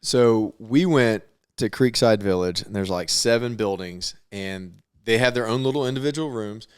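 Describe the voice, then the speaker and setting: A man's voice: fairly low pitch, moderate pace, smooth. A man co-hosting a podcast, telling a funny story in casual chat and laughing often. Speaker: podcast co-host.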